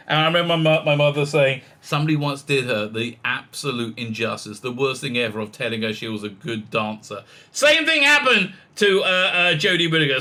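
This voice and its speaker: A man's voice: a little high, pushed and bright. A man giving sarcastic, scornful commentary in a ranting vlog, stammering through restarts. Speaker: YouTube commentator.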